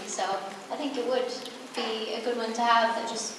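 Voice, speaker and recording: A woman's voice: on the high side, flat delivery, normal speed. A young woman answering fan questions on a convention panel, musing and rambling with lots of fillers. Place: large convention hall. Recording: echoey hall from far off, noisy.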